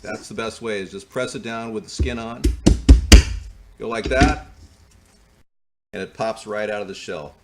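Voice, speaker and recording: A man's voice: fairly low pitch, measured pace, long pauses. Chatty man in his fifties, noisy recording. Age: 50s. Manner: chatty and rambling, with folksy asides. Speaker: cooking show host. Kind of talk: casual cooking demonstration. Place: home kitchen. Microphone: close-up wired mic.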